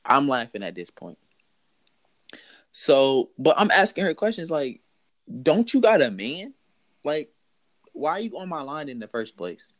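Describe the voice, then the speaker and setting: A young man telling a story in casual chat, animated and mocking, laughing as he goes. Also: on the high side, unhurried, long pauses. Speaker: podcast host telling a story.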